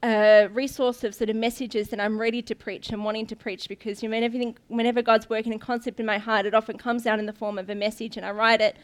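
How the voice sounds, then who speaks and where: Young woman preaching casually at church, slightly high voice, lots of ums and restarts, storytelling. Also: flat delivery, quick pace, hardly any pauses. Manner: chatty, laughs often, many ums and restarts. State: briefly tearful. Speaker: guest preacher, pastor's daughter. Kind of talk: informal sermon storytelling.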